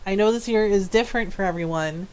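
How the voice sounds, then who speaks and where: A woman streamer chatting casually with her live viewers, ranting in exasperation and breaking into quick laughs. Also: medium pitch, clean tone. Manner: animated, talks to chat directly. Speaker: game streamer.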